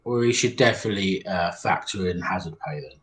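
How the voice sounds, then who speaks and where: A man's voice: low voice, brisk, a bit bright. A man playing a tabletop role-playing game, making wry, blunt remarks. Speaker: player. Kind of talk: tabletop play.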